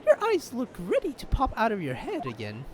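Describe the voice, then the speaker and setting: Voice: mid-range voice, wildly swooping pitch, moderate pace, background noise. A gamer voicing a polite, earnest young woman assistant to a defense lawyer.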